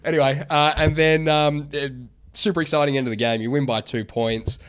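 A man hosting a podcast, telling stories in a lively way and acting out the people in them. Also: fairly high pitch, brisk, smooth. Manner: animated storyteller, acts out voices. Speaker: podcast host. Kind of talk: casual chat.

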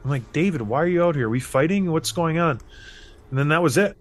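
A man with a slightly high voice tells a story in a relaxed podcast chat. He is animated and acts out the people he quotes, jumping up and down in pitch. He sounds like a man in his thirties. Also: fast talker. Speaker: podcast host, former hockey player.

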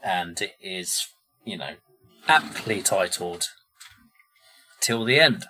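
A man with a very low, deep voice talks through songs in a casual podcast chat. He is relaxed and loose, thinking aloud and leaning on filler words as he goes. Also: slow pace. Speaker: podcast co-host presenting the songs.

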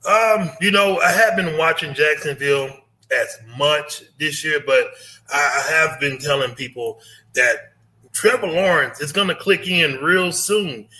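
A man's voice: fairly high pitch, a little slow, sharp tone, rough recording. A man from Louisiana chatting casually about football as a guest, easygoing and repeating himself. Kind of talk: casual sports chat.

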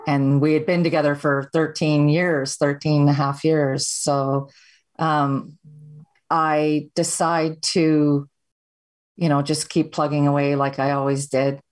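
A Canadian woman speaks as a podcast guest, telling her own story in a plain, steady, candid way. Her voice sits deep for a woman. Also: slow. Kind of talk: personal storytelling.

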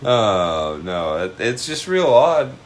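A man's voice: medium pitch, big pitch swings, takes it slowly, slight background noise. A man from Washington state co-hosting a podcast in casual, rambling chat, laughing often and swearing freely. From Washington state, USA. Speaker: podcast co-host.

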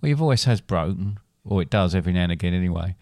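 A man's voice: low voice, expressive, fast talker, darkish tone, dry recording. A man, a father co-hosting a podcast, chatting casually with his son and teasing him dryly. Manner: dry, teasing banter. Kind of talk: casual chat.

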